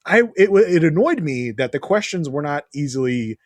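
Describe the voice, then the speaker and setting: A man chats animatedly as a podcast guest, his fairly high voice swooping up and down. He sounds exasperated at times and mimics others. The recording is close and dry. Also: lively intonation, moderate pace, dry recording. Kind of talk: casual recap chat.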